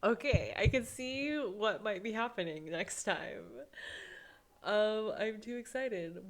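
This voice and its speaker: A woman's voice: medium pitch, lively intonation, a little slow. A young woman hosting a gaming channel, chatting casually and giggling while she plays and reads a visual novel aloud. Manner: chatty, giggly, with many fillers. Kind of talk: casual let's-play commentary and narration.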